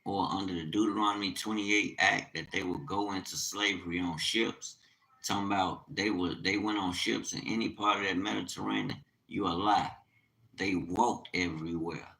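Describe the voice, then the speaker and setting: A man's voice: low voice, steady tone, normal speed, sharp tone, rough recording. A man teaching the Bible on a livestream, reading scripture aloud and commenting with urgent, emphatic preaching.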